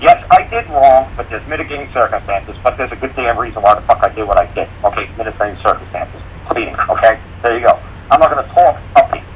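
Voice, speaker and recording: A man's voice: medium pitch, animated, fast talker, muffled recording, slight background noise. A man talking as a guest on a radio show, blunt, folksy and profane, explaining things through homespun stories. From rural mountain area. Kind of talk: casual radio talk.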